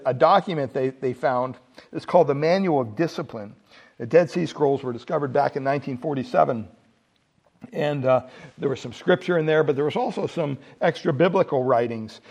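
A man's voice: a little high, vocal fry. A man preaching a sermon as pastor, telling stories and building to emphatic peaks. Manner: animated storytelling, rising to emphatic peaks.

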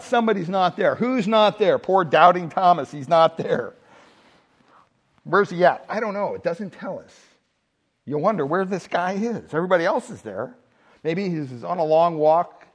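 A male pastor giving a Sunday sermon, animated and humorous, asking the congregation rhetorical questions. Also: on the high side, normal speed, muffled recording.

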